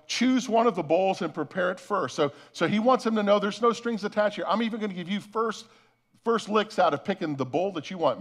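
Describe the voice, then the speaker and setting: A male pastor preaching a sermon, retelling a scripture story with lively, acted-out voices and asides to the congregation. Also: sits high. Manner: animated storytelling preacher, acts out voices, addresses the congregation as folks.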